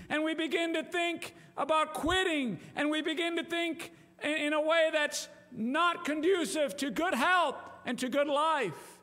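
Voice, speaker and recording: A man pastor preaching an impassioned sermon in a church, rising to shouts at times. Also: extremely high pitch, in a large hall.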